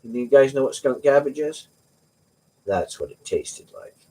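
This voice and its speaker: A man's voice: mid-range voice, expressive, measured pace, mellow. A middle-aged man hosting a livestream, chatting casually with viewers and telling rambling, joking stories. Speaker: livestream host.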